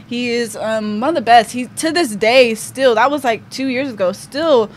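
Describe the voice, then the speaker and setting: A young woman with a somewhat high voice tells a personal story as a podcast guest. She rambles casually, leaning on "like" and "um". A faint hiss of background noise sits under the recording. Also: normal speed. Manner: chatty, full of fillers like "like" and "um".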